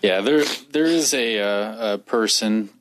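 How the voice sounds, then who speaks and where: A man with a low voice in a laid-back podcast chat. He speaks haltingly, with plenty of fillers, and says blunt things plainly. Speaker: podcast co-host. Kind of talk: casual chat.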